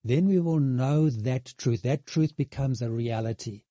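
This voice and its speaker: A man preaching a sermon, earnest and halting, with many restarts and emphatic repetition. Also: medium pitch, mellow, dry recording, highs cut off. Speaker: pastor.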